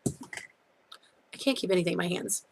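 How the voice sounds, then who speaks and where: A young woman giving a casual, chatty review of beauty products, full of fillers and quick self-corrections. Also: lowish voice, creaky, slight background noise. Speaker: beauty vlogger.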